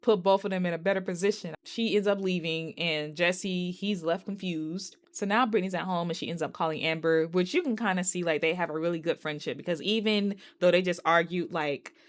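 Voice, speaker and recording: A woman's voice: lowish voice, fairly quick, hardly any pauses. Chatty woman recapping a movie. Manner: chatty retelling, full of fillers and acted-out quotes. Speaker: movie reviewer.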